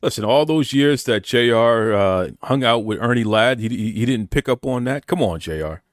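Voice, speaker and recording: A man's voice: medium pitch, moderate pace, no echo, clean studio sound. A man hosting a podcast interview, upbeat and encouraging as he promotes his guest. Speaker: podcast host.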